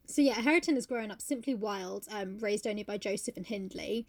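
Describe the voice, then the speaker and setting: A woman's voice: mid-range voice, brisk, no echo. A young woman co-hosting a casual book chat, chatty and full of fillers. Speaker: podcast co-host.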